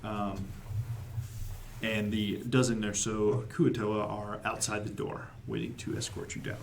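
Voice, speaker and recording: A man narrating as dungeon master of a tabletop game, halting with many fillers and restarts. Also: fairly low pitch, level tone, a little hiss or hum.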